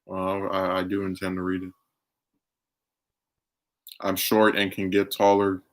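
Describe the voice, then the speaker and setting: A man's voice: low-pitched, completely flat delivery, unhurried. Man, streamer, casual chat, opinionated, argumentative. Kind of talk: casual chat reacting to live chat.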